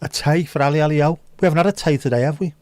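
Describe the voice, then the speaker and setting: A man's voice: on the high side, very fast, darkish tone, dry recording. A man hosting a casual livestream, bantering cheekily with viewers and swearing freely. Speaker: livestream host serving virtual drinks. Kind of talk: casual chat.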